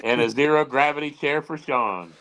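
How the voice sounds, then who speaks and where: Gravelly, laid-back man on a podcast. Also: medium pitch, normal speed, fairly bright tone, highs cut off. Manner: laid-back, joking storyteller. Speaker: newcomer co-host. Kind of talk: casual podcast chat.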